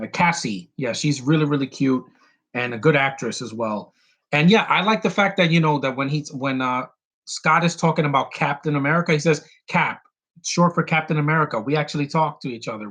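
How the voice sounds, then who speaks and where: A man hosting a casual solo film podcast, rambling excitedly with many restarts and quick bits of mimicry. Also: fairly high pitch. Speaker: podcast host reviewing a film.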